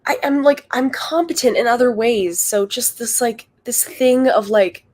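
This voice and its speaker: High-voiced woman rambling on a livestream. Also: a little mellow. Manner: rambling and halting, heavy use of filler words. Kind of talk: confessional livestream talk.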